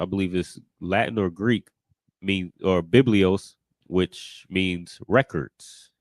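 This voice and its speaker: A man's voice: low-pitched, no room sound. A man teaching a scripture class in a casual, conversational way, often repeating "you know what I mean".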